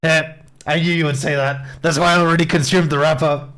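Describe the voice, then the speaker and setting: Man doing a blithe, high bird sidekick. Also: little pitch movement, brisk, a bit bright, soft background music, close to an everyday voice. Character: odd, reckless male bird assistant.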